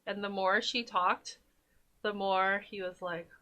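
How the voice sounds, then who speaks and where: A woman's voice: mid-range voice, steady tone, slow pace, pushed and bright. A woman co-hosting a TV recap, chiming in with short agreements and reactions. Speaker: co-host of a TV recap show. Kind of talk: casual chat.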